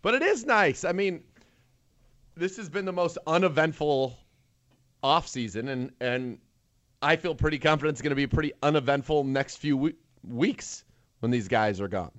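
A man's voice: on the high side, moderate pace, fairly bright tone, no room sound. A man hosting a sports talk show, chatting in an upbeat, jokey way and leading into breaks. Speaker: sports radio host.

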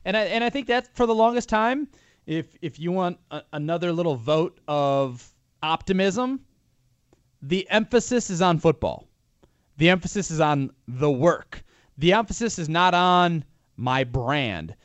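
Male sports radio co-host, slightly high voice, dry close sound, rambling analysis. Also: animated, unhurried, no room sound. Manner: rambling, restarts often. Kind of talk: casual sports talk.

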